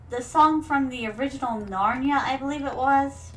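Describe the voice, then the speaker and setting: High-voiced playful streamer woman. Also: normal speed, faint music behind. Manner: playful regal persona, calls viewers "my darlings"; rambling, many fillers. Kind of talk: casual gaming stream chat.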